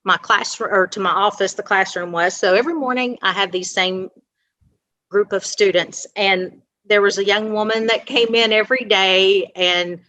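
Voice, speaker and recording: Bright-voiced woman telling a story. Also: mid-range voice, moderate pace, no echo, muffled recording. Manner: animated anecdote with quoted dialogue. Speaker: school staff member. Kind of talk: casual storytelling.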